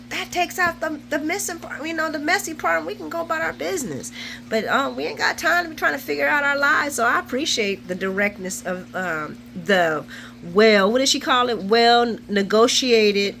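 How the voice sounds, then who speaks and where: A woman's voice: high-pitched, normal speed, gravelly, fairly bright tone, a little hiss or hum. A woman in her forties, host of a soap opera recap channel, chatting casually and laughing as she retells scenes. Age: 40s. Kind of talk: casual chat, episode recap.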